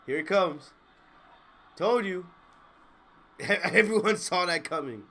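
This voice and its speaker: Brief: man, very high bright voice, brash excitable wrestling reactor, laughs a lot. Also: slow, pauses often. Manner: excitable, brash, laughs often, trash-talks. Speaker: wrestling YouTuber. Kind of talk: live reaction commentary.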